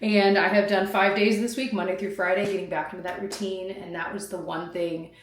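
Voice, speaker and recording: A woman in her thirties chatting casually to camera as a vlogger, rambling with fillers and quick laughs. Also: medium pitch, steady tone, slight background noise. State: out of breath.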